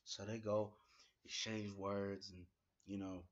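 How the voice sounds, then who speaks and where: A man giving a casual spoken review of a wrestling show, retelling it in an excitable, slangy way with plenty of fillers. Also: lowish voice, slow, muffled recording.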